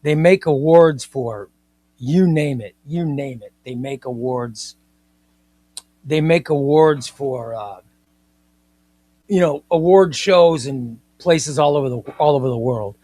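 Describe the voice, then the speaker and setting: A man hosting a comics live stream, chatting in an excitable, rambling way and often repeating himself. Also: medium pitch, slow pace, no room sound. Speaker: comics livestream host. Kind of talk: casual live-stream chat.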